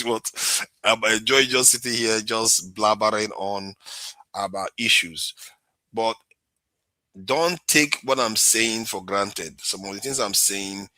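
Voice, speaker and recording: A man's voice: mid-range voice, bright, forceful tone, no room sound. A Nigerian man hosting a live-stream political commentary, ranting with sarcasm and talking back to commenters. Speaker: host.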